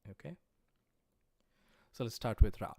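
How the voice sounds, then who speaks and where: An American man teaches a language lesson over a livestream microphone, patiently explaining as he writes, with frequent "uh" and "um" fillers. His lowish voice is very animated, creaky and mellow, and he speaks a little slowly.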